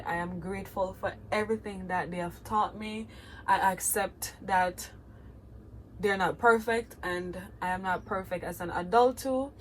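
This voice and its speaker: A woman's voice: medium pitch, slight background noise, low-quality recording. A woman with a Jamaican accent speaks in an earnest, heartfelt way, talking straight to her viewers. Her voice sits in a middle register, and the delivery feels like a personal vlog reflection. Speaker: vlogger.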